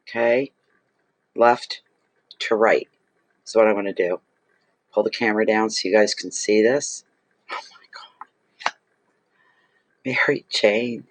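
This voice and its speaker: A man's voice: medium pitch, no room sound. Gushing man reading tarot cards. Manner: effusive, exclaims and gushes over cards. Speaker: tarot reader. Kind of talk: casual tarot reading vlog.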